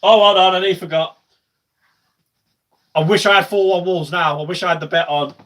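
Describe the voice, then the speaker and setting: A young man streaming a live football watch-along, chatting casually with viewers and erupting into shouts when his team attacks. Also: high voice, brisk. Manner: chatty, swings to loud shouting at goals.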